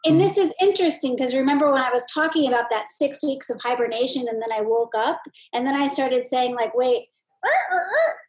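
Female host, fairly high voice, chatty, lots of fillers. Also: fairly quick, hardly any pauses, a little mellow, poor audio. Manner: chatty, with many fillers and asides. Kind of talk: podcast conversation.

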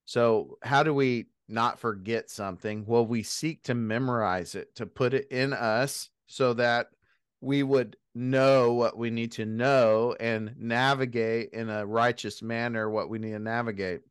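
A man co-hosting a podcast, talking through scripture in a thoughtful, measured way and chuckling lightly now and then. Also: mid-range voice, steady tone, smooth, dry recording, clean studio sound. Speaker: podcast co-host. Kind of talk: casual Bible discussion.

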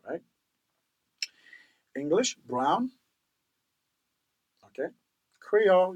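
A man's voice: a little high, big pitch swings, slow pace, pauses often, rough recording. A man hosting a casual language-lesson podcast, repeating each word several times and checking in with the listener. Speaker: podcast host teaching language.

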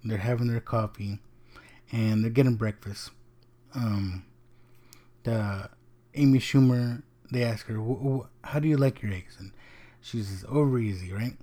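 Dude rambling on his podcast, lots of ums, swears a bunch, mellow voice. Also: mid-range voice, a little slow, long pauses. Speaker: podcast host. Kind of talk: casual solo podcast talk.

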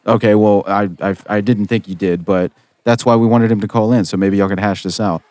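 A man's voice: lowish voice, fairly even intonation, brisk, a little mellow. A man hosting a radio call-in show in a comedy sketch, casual and laid-back with stammered restarts.

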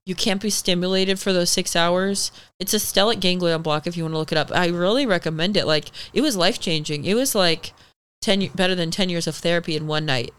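A young woman, a podcast guest, telling a personal story in casual chat, animated and swearing freely, acting out the people she quotes. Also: lowish voice, fairly quick, clear, resonant tone. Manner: acts out the people in her story.

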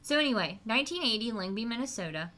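A chatty woman co-hosting a relaxed podcast, with a bright, clear voice. She talks in a teasing way and laughs easily while she sets up a story. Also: a little high, quick pace. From West Virginia, USA. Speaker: podcast co-host. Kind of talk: casual podcast chat, storytelling.

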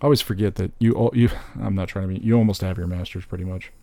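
Podcast co-host, male, low and gravelly, animated and jokey, dry close sound. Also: quick pace, no room sound. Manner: animated, joking, laughs often. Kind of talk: casual chat.

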